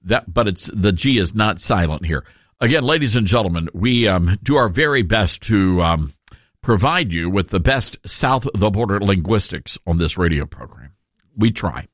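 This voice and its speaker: A man's voice: fairly low pitch, expressive, normal speed, dry recording, studio quality. A male radio host giving a sarcastic, emphatic talk radio monologue, with frequent asides to his listeners.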